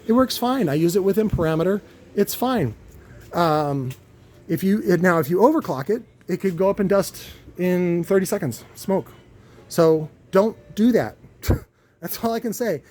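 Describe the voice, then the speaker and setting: A man's voice: high-pitched, animated, moderate pace, a little mellow. A man in his warehouse workshop, rambling in a casual vlog rant, swearing freely and full of fillers and restarts. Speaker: car audio subwoofer builder.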